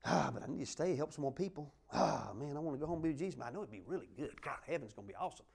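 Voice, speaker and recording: A man's voice: lively intonation, racing, gravelly, a little mellow, breathy edge. A man playing a torn believer, muttering and sighing wistfully to himself. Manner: low, sighing, mumbled self-talk.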